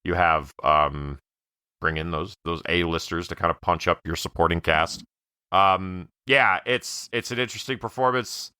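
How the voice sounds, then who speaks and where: A man with a very deep but bright and crisp voice gives his take on a film in a relaxed podcast chat. His speech is full of fillers, and it sounds dry and close to the mic. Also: no room sound. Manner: filler-heavy, measured. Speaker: podcast co-host. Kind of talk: casual movie review chat.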